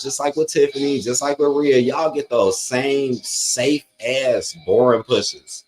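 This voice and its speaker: A man hosting a live watch-along stream, reading chat comments aloud and giving blunt, profane opinions in a loose, rambling way. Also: medium pitch. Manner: loose, rambling with frequent fillers.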